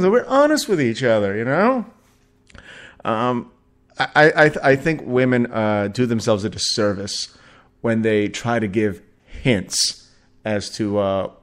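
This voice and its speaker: A man in his forties hosting a casual solo podcast, rambling and swearing with many restarts. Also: medium pitch. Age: 40s. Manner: rambling, profane, frequent restarts and laughs. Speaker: podcast host.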